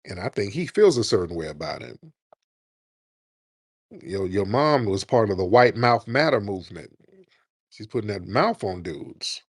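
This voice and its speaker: Laughing, taunting roundtable host. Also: male voice, fairly low pitch, very animated, normal speed, pauses often, husky, dry recording, clean studio sound. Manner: crude taunting, laughing often. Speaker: host of a live call-in roundtable. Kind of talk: live stream roundtable banter.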